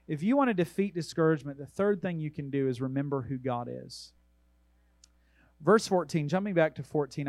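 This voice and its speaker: A man preaching a sermon in a fairly high voice, his delivery earnest and emphatic as he urges the listener on. He slows into a measured cadence when reading scripture. The sound is dry and close, with almost no room around it. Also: no room sound, rough recording. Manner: reads scripture aloud in a measured way. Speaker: pastor.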